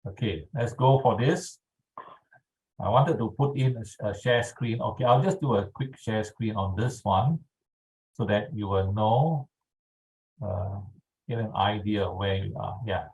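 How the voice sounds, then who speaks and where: Slow, calm man guiding a tapping session. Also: lowish voice, poor audio. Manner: slow, calm instructional pacing with frequent "all right". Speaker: EFT tapping instructor. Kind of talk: guided tapping instruction.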